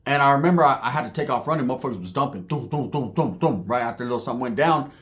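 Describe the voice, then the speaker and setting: This man tells street stories on his own channel, racing along in a mid-range, slightly bright voice. His delivery is casual, profane and thick with slang, and he laughs as he acts out the voices of the people involved.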